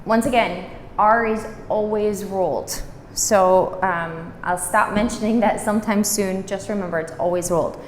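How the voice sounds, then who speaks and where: A woman gives a language lesson at an unhurried pace, repeating each word patiently for her learners. Her voice carries a long, roomy reverb, as if recorded from some distance in a classroom, with faint room noise behind her. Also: mid-range voice, steady tone. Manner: patient, repeats words slowly for practice. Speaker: language teacher. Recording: roomy echo, distant mic.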